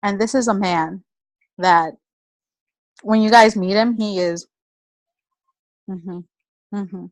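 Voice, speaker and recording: A woman giving a personal motivational talk in an energetic, chatty storytelling manner. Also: mid-range voice, slow pace, long pauses, no room sound, rough recording. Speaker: motivational speaker.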